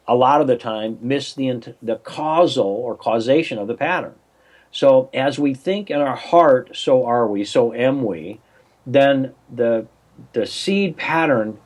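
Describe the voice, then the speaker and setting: A man's voice: mid-range voice, darkish tone. An older man, a coach and interview guest, telling a story over a remote call in a rambling way, with many restarts and acted-out phone voices.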